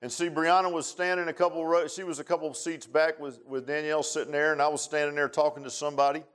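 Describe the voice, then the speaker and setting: A middle-aged man preaching a sermon in a folksy, repetitive way, rising to loud, emphatic bursts. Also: fairly high pitch, little pitch movement, fast talker, clear, resonant tone. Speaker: pastor.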